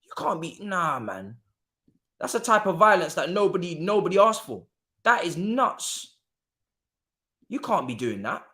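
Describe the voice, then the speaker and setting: Animated high-voiced man. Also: unhurried, pauses often. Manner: animated and exclamatory, slangy, mutters asides to himself. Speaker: streamer. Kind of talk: live football watchalong commentary.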